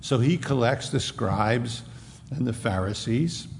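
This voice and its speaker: A man preaching in an animated, emphatic way, with a gravelly edge to his voice. He hammers points home by repeating phrases. A long hall reverb trails behind every word. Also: mid-range voice, slow, a little hiss or hum. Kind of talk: expository sermon.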